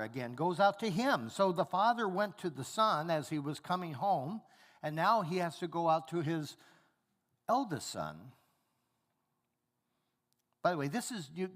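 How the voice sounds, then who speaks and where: A man's voice: on the high side, fairly bright tone. A male pastor preaching a sermon, teaching animatedly and acting out the characters' lines. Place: church hall. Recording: long hall reverb.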